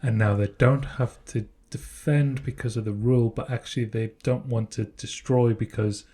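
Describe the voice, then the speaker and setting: A man's voice: mid-range voice, fairly even intonation, normal speed, mellow. A man co-hosting a podcast, chatting casually and speculating thoughtfully, often restarting his sentences. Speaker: podcast co-host. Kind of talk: casual chat.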